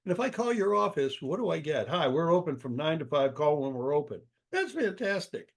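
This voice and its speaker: Older guy on a podcast, punchy and emphatic, acts out little dialogues, voice sits a bit high. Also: very animated, fairly quick, gravelly, hardly any pauses. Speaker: author and business guest. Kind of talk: interview answer, storytelling.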